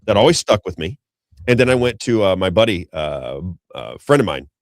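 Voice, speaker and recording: A man's voice: low-pitched, sing-song, moderate pace, no echo, clean studio sound. A middle-aged man hosting an unscripted political commentary show, talking in a rambling, emphatic way that repeats points and keeps turning to his co-host. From Missouri, USA.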